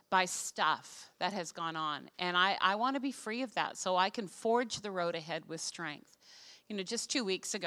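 An older woman pastor from Canada preaching a sermon to a congregation, telling stories with animated, self-deprecating humor. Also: lowish voice. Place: church stage before a congregation.

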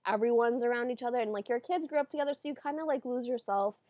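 A woman co-hosting a podcast, chatting casually about books in a relaxed way with many fillers. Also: a little high, fast, dry recording. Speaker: podcast co-host. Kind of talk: casual book chat.

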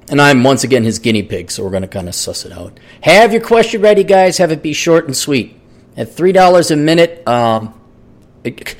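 Man, podcast host, solo monologue, rambling, sarcastic, swears a lot, mid pitch.

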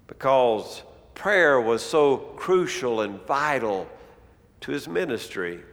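A man preaches a sermon through a story, acting out the quoted lines of its characters with rising pitch. His delivery is animated yet slow, his voice a bit bright, and a long reverb tail trails it.

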